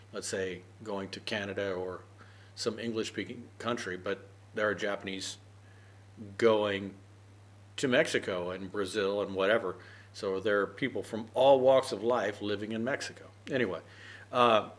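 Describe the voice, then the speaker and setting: A man explaining an English idiom with loose personal stories, rambling with many fillers and asking "right?" often. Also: lowish voice. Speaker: English teacher. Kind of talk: unscripted idiom lesson.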